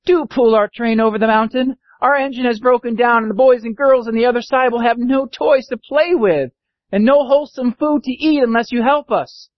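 A man voicing a group of dolls and toys, pleading in a high voice. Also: moderate pace, no echo. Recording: dull lo-fi recording.

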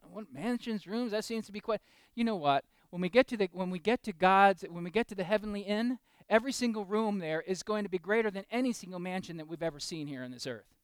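A man preaching a sermon, moving between loud, slow emphasis and soft, intimate asides, and putting questions straight to the congregation. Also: sits high, expressive, clear, resonant tone, no echo. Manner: talks directly to the congregation with questions. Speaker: pastor.

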